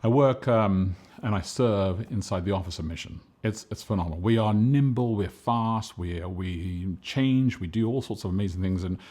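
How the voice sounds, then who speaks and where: A man preaching a casual sermon, retelling a Bible story with animated, conversational storytelling and frequent restarts. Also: fairly low pitch, moderate pace, hardly any pauses. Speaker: pastor.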